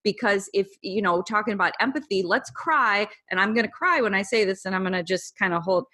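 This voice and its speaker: A woman's voice: medium pitch, fairly quick, pushed and bright. A woman talking casually and candidly with a group, emotional and full of fillers like "like". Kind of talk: casual conversational talk to a group.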